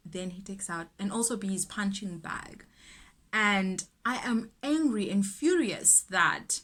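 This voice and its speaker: Slow, earnest South African woman. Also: mid-range voice, a bit bright. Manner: earnest and indignant, speaks in emphatic repetitions. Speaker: YouTuber. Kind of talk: casual get-ready-with-me chat.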